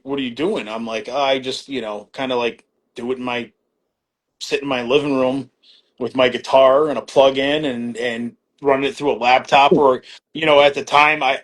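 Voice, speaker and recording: Laid-back middle-aged man telling a story. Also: mid-range voice. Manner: rambling, many fillers and restarts, acts out quoted exchanges; laid-back, swears casually. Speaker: podcast guest. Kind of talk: casual storytelling conversation.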